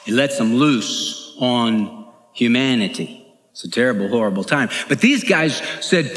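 Emphatic preacher in an echoey church. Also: male voice, medium pitch, expressive, measured pace, a bit bright. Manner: earnest, emphatic, repeats phrases. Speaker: pastor. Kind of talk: sermon. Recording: echoey hall.

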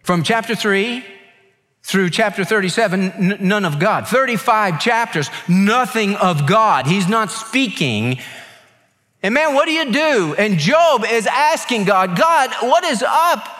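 A male pastor delivers a sermon in a fairly high voice. He tells a story quietly, dropping low for quoted lines, then lifts his pitch and volume to drive his points home. The sound carries a long reverb, as in a large hall. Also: unhurried. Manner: storytelling, quoting others' words softly and lower; animated, rising in pitch on emphatic points.

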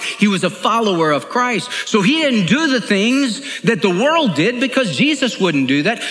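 Emphatic preacher in an echoey church. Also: male voice, high voice, fairly bright tone. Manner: earnest, emphatic, repeats phrases. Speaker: pastor. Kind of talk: sermon. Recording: echoey hall.

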